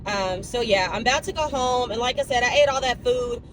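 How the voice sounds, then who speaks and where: A woman's voice: on the high side, brisk, a little hiss or hum, rough recording. A young woman fitness vlogger talking casually and animatedly to her viewers, recorded on a phone in her car and later in a gym locker room. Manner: chatty, animated, speaks to viewers as y'all. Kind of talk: casual chat to camera.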